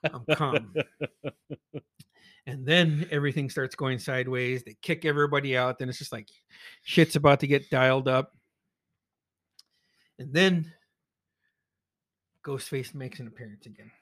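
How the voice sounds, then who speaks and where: A man recapping a horror movie in casual chat, excitable and profane, acting out his own reactions. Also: mid-range voice, measured pace, pauses often, no echo, clean studio sound. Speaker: movie reviewer.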